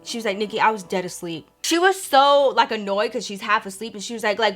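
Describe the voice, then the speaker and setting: A young woman vlogger telling a ghost story to her viewers in casual, animated chat, swearing freely and calling them y'all and girl. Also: fairly high pitch, fast talker, few pauses.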